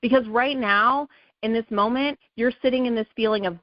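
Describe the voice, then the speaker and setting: Leading a sales team call, a woman with a higher-pitched voice gives an emphatic pep talk at a moderate pace, repeating "okay" and "right" again and again. The audio is dull, with no room sound.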